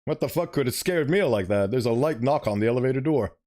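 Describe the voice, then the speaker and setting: A man's voice: mid-range voice, animated, fast talker, a little mellow. A man streaming a story game, reading it aloud and chatting animatedly, sometimes fumbling for words.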